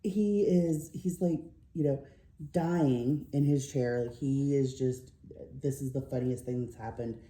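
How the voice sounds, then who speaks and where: A woman's voice: a bass voice, measured pace, warm tone, echoey room. A middle-aged woman vlogger telling a rambling story while crafting, tired and yawning, with lots of fillers. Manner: rambling, chatty, with many fillers.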